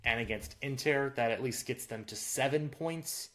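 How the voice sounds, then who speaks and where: A man's voice: mid-range voice, moderate pace, bright, forceful tone. A man co-hosting a sports podcast, chatting casually about football results with lots of fillers and restarts. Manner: filler-heavy, restarts often. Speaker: podcast co-host.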